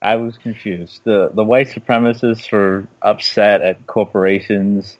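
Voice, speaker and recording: Low-voiced male co-host with halting delivery. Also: no room sound, highs cut off. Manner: relaxed, halting, many "uh" fillers. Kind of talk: casual radio show chat.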